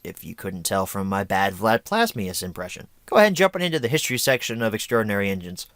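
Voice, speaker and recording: A man's voice: lowish voice, very animated, fast talker, hardly any pauses, a bit bright. A young man hosting a casual review, rambling and self-deprecating with jokey asides. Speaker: host.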